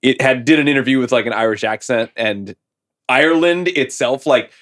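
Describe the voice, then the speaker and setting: A man's voice: medium pitch, moderate pace, a bit bright. A man co-hosting a podcast, explaining things in casual chat with many fillers. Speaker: podcast co-host.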